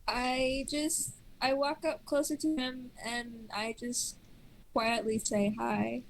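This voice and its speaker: A woman's voice: sits high, little pitch movement, slow, a little hiss or hum, low-quality recording. A woman playing a tabletop game, chatty and hesitant, swearing casually. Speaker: player. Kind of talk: casual tabletop role-play.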